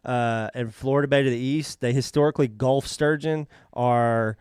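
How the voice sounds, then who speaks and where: A man with a smooth, clear voice at an ordinary pitch, chiming in with careful trivia in relaxed podcast chat. The sound is dry and close to the mic. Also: moderate pace, no echo. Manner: adds fact-heavy asides, apologetic about interrupting. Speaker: podcast co-host. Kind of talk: casual chat.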